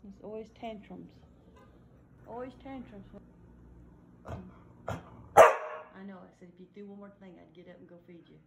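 A woman's voice: medium pitch, brisk, creaky, highs cut off. A woman chatting playfully to her pet dog at home, teasing and often half-whispering. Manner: teasing, sing-song talk to a dog, often hushed. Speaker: dog owner. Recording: noisy home video.

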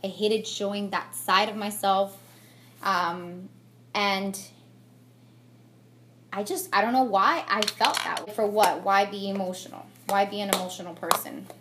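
A woman's voice: medium pitch, steady tone, a little slow. Young woman, casual makeup vlog, candid and rambling, fillers and restarts, camera mic at home, faint hum behind. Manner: candid, chatty and reflective, with many fillers and restarts. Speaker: beauty vlogger. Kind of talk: get-ready-with-me chat. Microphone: camera mic on a tripod.

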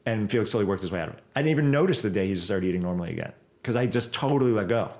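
A man guest on a podcast, telling a personal story in a casual, animated way, cursing freely and repeating words as he goes. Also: lowish voice, racing.

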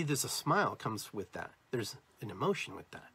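Guy hosting a spiritual podcast, husky voice, really lively up-and-down delivery, keeps repeating himself for emphasis. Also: medium pitch, moderate pace, long pauses. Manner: emphatic and repetitive, addresses listeners directly; acts out different tones of voice as examples. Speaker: podcast host. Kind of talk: motivational spiritual talk.

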